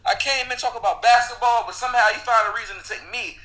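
High, bright-voiced aggrieved young man. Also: fast, low-quality recording. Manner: defensive, aggrieved, repeats himself. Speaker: podcast co-host. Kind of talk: heated casual argument.

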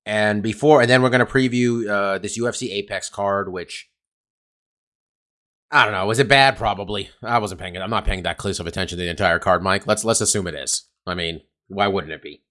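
Fairly low-pitched and quick, a Californian man co-hosts a podcast in a pushed, bright voice. His casual talk wanders, full of swearing and filler words.

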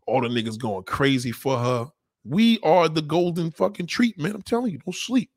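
Husky man ranting with lively pitch. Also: moderate pace, dry recording. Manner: blunt, crude, repeats himself for emphasis. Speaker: monologue speaker. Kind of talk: casual profane rant.

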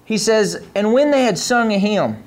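A man with a notably high voice delivers a sermon to a church congregation. He reads scripture passages aloud and speaks directly to the people in the sanctuary. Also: animated, moderate pace. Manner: preaching to a live congregation, reading scripture aloud. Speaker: pastor.

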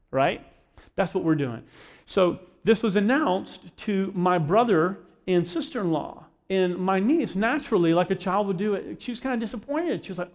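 A middle-aged pastor with a high voice, preaching in a loose, chatty way. He keeps checking in with "right?" and drops low and soft when he acts out the people in his stories. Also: normal speed. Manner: conversational, keeps asking the crowd "right?"; acts out quoted voices, dropping softer and lower. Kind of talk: sermon.

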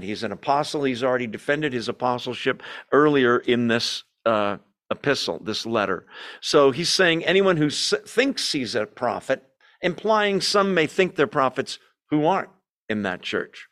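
A man's voice: mid-range voice, lively intonation, measured pace, a bit bright. A man leading an informal Bible study, explaining verse by verse with conversational asides. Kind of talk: informal teaching.

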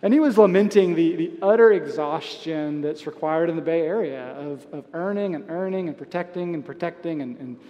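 A man preaching a sermon as pastor, conversational, with soft asides and light chuckles. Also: a little high, a little fast, few pauses, big-room sound. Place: church sanctuary.

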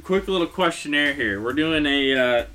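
A young man hosting a casual sports podcast chat. He often hedges and corrects himself, then gets lively when he runs a quiz. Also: fairly high pitch, normal speed, over music. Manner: hesitant, self-correcting, then energetic when running a quiz. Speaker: podcast host.

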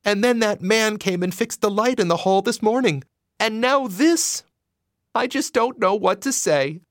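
A man's voice: high-pitched, animated, unhurried, no echo, studio quality, voice pushed up. A man voicing a gray-haired mother who gushes frantic, breathless thanks. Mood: overwhelmed. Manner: breathless, gushing, tearful thanks.

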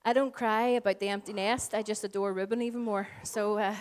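A woman in her forties with a Northern Irish accent, preaching a sermon as pastor, earnest and shifting between slow emphatic lines and soft, hushed phrases. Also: medium pitch, fairly even intonation. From Northern Ireland. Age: 40s. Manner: earnest, varies pace, drops to soft whispers for emphasis.

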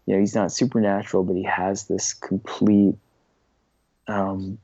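Man, mellow and low, gravelly, dry close sound, animated rambling interview guest. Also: unhurried, no echo, lo-fi sound. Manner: rambling and animated, many restarts and self-quotes. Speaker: podcast guest. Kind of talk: casual storytelling in an interview.

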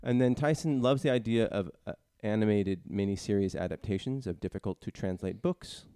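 A man hosting a casual chat, relaxed and agreeable, reading out listener comments. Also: lowish voice, brisk, clear, resonant tone, dry recording, studio quality.

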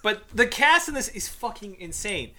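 Bright, sharp-voiced joking man. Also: sits high, sing-song, moderate pace. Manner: joking, swears freely. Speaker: podcast co-host. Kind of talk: casual chat.

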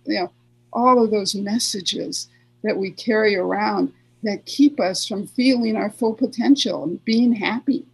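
A woman therapist with a gravelly, husky voice of middling pitch speaks earnestly in an interview. She repeats key phrases and slips into little voiced examples of self-talk. Her tone is warm and practical. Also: measured pace, low-quality recording. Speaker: therapist guest. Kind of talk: conversational advice interview.

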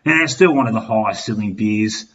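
A man's voice: fairly low pitch, a little fast, a bit bright. A tipsy Australian man in his fifties hosting a podcast, rambling crudely and swearing constantly. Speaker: podcast host. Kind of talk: boozy comic rant. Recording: slightly dull with faint noise.

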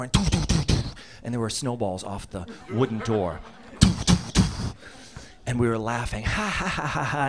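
A man in his fifties from Massachusetts telling a comic childhood story, laughing through his lines and acting out voices and sound effects. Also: medium pitch. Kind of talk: comedic personal storytelling.

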